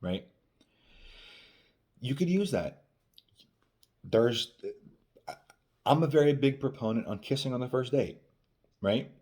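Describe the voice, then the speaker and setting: A man with a medium-pitched, slightly mellow voice speaks slowly and animatedly, leaving long pauses. He's a dating coach giving a casual monologue to the camera, acting out quotes and repeatedly saying "right?"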